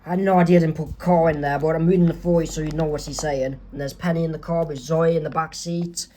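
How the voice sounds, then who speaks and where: A man's voice: fairly high pitch, steady tone, dark tone, a little hiss or hum. A man reading aloud and explaining his own comic strip, panel by panel. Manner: slow, halting, with restarts. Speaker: comic artist narrating his comic. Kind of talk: casual comic read-aloud.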